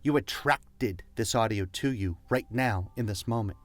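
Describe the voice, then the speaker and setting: A motivational speaker with a fairly low voice talks at a moderate pace on a dry recording. He's emphatic and repetitive, leading listeners to repeat phrases back to him.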